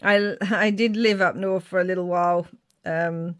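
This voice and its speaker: A woman's voice: on the low side, fairly even intonation, moderate pace. A woman from Ireland chatting casually while making a craft project, muttering asides to herself. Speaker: craft vlogger.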